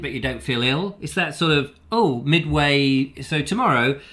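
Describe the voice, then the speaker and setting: A man's voice: on the high side, lively intonation, moderate pace, pushed and bright. A man with a lingering cold, hosting a casual live chat show in a rambling, jokey, wry way. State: recovering from a cold. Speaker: show host.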